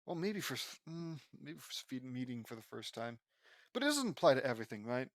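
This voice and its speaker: A man's voice: mid-range voice, sing-song, fairly quick, no room sound, studio quality. A man reading his own fan fiction aloud, casual and rambling, stumbling over names and breaking off to comment. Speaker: audiobook reader and author.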